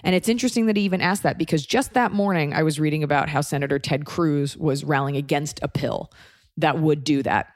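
A woman's voice: deep voice, brisk, no room sound, clean studio sound. A woman telling a personal story in a candid, wry, conversational way.

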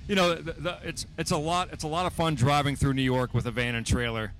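Man from baltimore, band member, laid-back, slightly high voice, dude-heavy chat. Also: steady tone, quick pace. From Baltimore, Maryland. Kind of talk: casual chat. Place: outdoor music festival.

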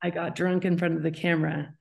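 A woman's voice: lowish voice, level tone, fast, gravelly. A woman hosting a podcast, chatting casually with her husband and cutting in to tease and clarify details. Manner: teasing, interjects to clarify. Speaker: podcast host. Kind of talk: casual conversation.

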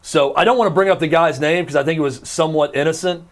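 A man's voice: fairly high pitch, fast. A man in his thirties hosting a talk show, telling rambling, self-deprecating stories with emphatic insistence. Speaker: radio talk show host. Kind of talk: casual talk show banter.

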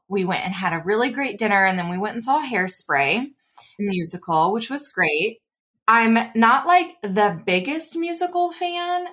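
A woman's voice: mid-range voice, fairly bright tone. Chatty woman podcast co-host. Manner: chatty, quick to laugh and react. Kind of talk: casual chat.

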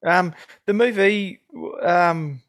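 A man's voice: high voice, slow, fairly bright tone. A man co-hosting a casual film podcast, chatty, laughing often and trailing off with ums. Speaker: podcast co-host.

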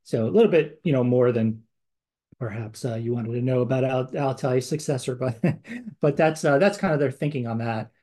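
Male podcast co-host, mid-pitched voice, loose rambling delivery full of fillers. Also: normal speed, dark tone. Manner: conversational, rambling with many fillers and restarts. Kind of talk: casual chat.

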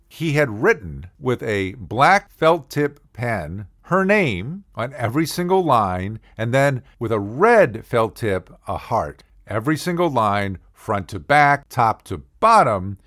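A man's voice: medium pitch, fairly bright tone, no echo, clean studio sound. An older man telling wry, self-deprecating comic stories about his college days. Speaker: comedic storyteller. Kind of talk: humorous personal storytelling.

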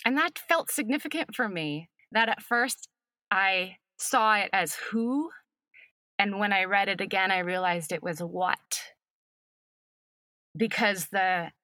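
A woman speaking as an acting professor guest in a reflective podcast conversation, thoughtful and unhurried, with soft laughs. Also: on the low side, no echo.

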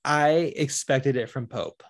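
A man's voice: medium pitch, slow pace. Man retelling a film scene animatedly. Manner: animated retelling, acts out characters' lines. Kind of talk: casual film discussion.

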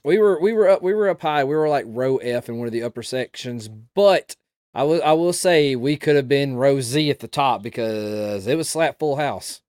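Halting Southern man in casual chat. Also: medium pitch, lively intonation, darkish tone, no echo, clean studio sound. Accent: Southern American. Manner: halting, repeats words as he talks. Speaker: podcast co-host.

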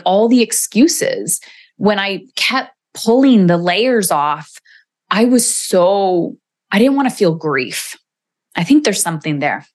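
A woman in her forties hosting a solo podcast, candid and emotional, swearing casually as she reflects. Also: fairly low pitch. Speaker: podcast host.

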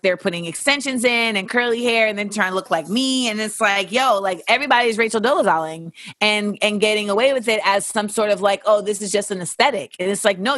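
A woman's voice: mid-range voice, fairly bright tone, no room sound. A woman hosting a podcast, talking bluntly and animatedly with frequent swearing as she answers listener questions. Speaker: podcast host.

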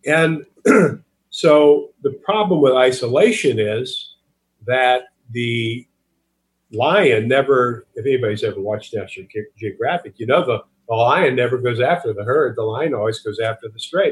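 A man's voice: medium pitch, lively intonation, normal speed, rough recording. A man, a guest author, earnestly telling a story and teaching in a podcast interview, with a preacher's cadence, often repeating words as he starts sentences.

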